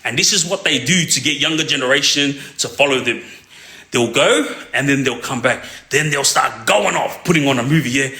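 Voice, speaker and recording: Aussie guy rambling through a gang story, bright punchy voice, keeps going "yeah?", echoey room. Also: mid-range voice, expressive, moderate pace. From Australia. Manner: rambling, checks in with a constant "yeah?". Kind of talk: casual crime storytelling.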